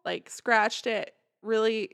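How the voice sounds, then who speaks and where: A woman's voice: fairly high pitch, steady tone, takes it slowly, gravelly, a bit bright, smooth. A woman hosting a podcast, telling a story in a casual, chatty way and swearing freely. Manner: chatty, swears freely, laughs between lines. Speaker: podcast host.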